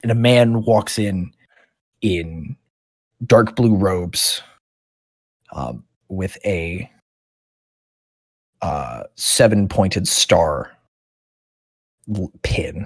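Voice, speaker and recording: A man running a tabletop game, describing the scene in a loose, casual way with lots of "um"s. His voice is low and somewhat husky, recorded close and dry. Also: drawn-out words, long pauses, no room sound. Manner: casual, with many "um"s. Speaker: dungeon master.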